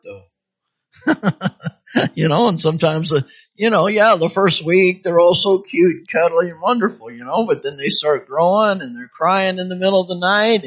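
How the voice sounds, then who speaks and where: A fairly high-voiced man preaching a sermon, punctuating his points with amen and hallelujah and slipping into little voices for the people he quotes. The recording is dull and lo-fi. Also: a bit bright. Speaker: pastor. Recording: dull lo-fi sound.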